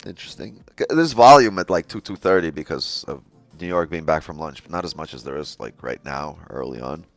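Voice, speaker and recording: A man's voice: very deep voice, lively intonation, fairly quick, no room sound, faint music behind. A man hosting a live day-trading stream, chatting casually with his viewers, laughing often and swearing freely. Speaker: day-trading livestream host.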